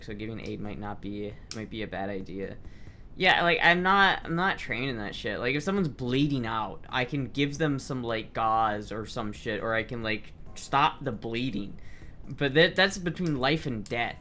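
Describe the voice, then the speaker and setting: A young man livestreaming, chatting casually and reading chat aloud in a loose, profane, animated way. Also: mid-range voice, moderate pace, a little hiss or hum. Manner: loose, profane, animated, with frequent restarts and laughs. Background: faint background music.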